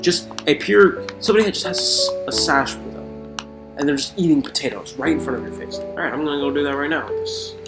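A man giving excitable let's play commentary while gaming, swearing and talking to the creatures in the game. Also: medium pitch. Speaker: gamer. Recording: roomy echo with faint music.

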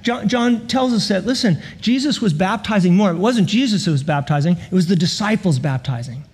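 A man preaching to a church congregation, his voice pitched high and a bit husky. He tells stories with lively energy, laughing and tossing in playful sound effects as he goes. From California. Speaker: guest pastor. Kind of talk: sermon. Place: church sanctuary.

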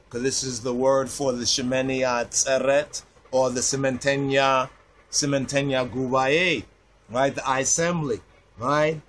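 Preaching man with a fairly high voice. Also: fairly bright tone, slight background noise. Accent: Rastafari "I and I" speech. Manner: reads verses aloud, frequent "right?" tags. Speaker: Rastafari preacher. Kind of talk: scripture teaching sermon.

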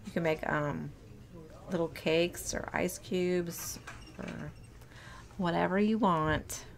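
A woman's voice: lowish voice, slow, vocal fry, a little hiss or hum. A young woman narrating a casual shop-with-me vlog as she walks through a store. She talks chattily and gushes over cute items, with plenty of ums, into a handheld phone. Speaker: shopping vlogger. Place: indoor retail store.

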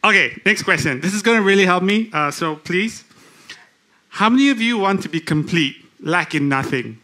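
A man delivering a church sermon in a slightly high voice. He talks to the congregation with questions and halting restarts. He reads scripture aloud slowly. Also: animated, pushed and bright. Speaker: lay preacher.

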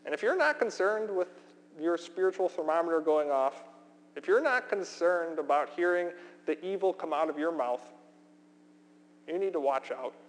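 A man preaching a sermon as pastor, earnest and emphatic, slowing down with deliberate pauses for weight. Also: fairly high pitch, expressive. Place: church sanctuary. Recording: long hall reverb, faint hum.

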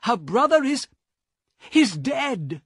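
An actor voicing a frightened traveller in a storybook reading, speaking in a raised, shaken, stammering voice. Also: male voice, very high voice, very animated, slow pace, fairly bright tone, breathy edge, no echo, clean studio sound, voice pushed up, exaggerated voice. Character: nervous, frightened middle-aged male traveller.

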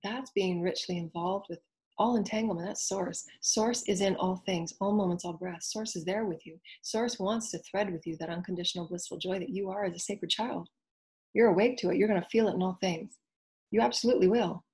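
A woman spiritual teacher giving an inspirational talk, speaking in earnest, flowing phrases and soft repeated affirmations. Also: medium pitch, a little fast, slightly rough. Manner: earnest, flowing, at times whispered.

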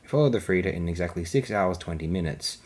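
A man voicing a cold, calculating alien grand admiral who speaks quietly and with controlled menace. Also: low-pitched, animated, quick pace.

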